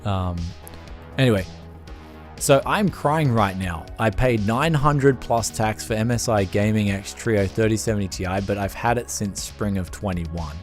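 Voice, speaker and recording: A man's voice: lowish voice, a little slow, soft background music. A man with an Australian accent hosting a casual tech live stream, jokey, with frequent restarts.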